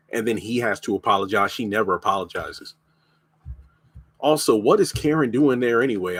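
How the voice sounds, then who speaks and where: A man's voice: on the low side, fairly bright tone, no echo. A man with a lingering cough, bluntly reviewing a TV show in a casual live stream. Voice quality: blunt, opinionated.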